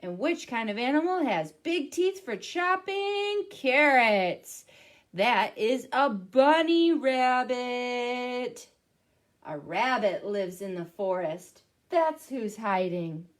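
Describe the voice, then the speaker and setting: Slow, lively woman reading storytime. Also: a little high. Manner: animated, speaking to children. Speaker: children's librarian. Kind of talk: storytime guessing game.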